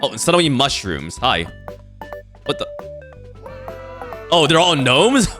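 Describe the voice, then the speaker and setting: A man streaming a video game, giving animated, swear-heavy commentary with frequent reactions. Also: mid-range voice, measured pace, faint music behind. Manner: animated, swears and laughs often. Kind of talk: casual let's-play commentary.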